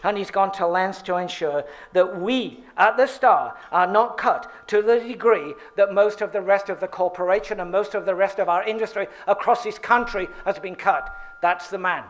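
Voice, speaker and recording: At a podium in the banquet hall of an awards dinner, a male award presenter reads a tribute speech in a high voice at a moderate pace. He adds playful asides and laughs at his own script.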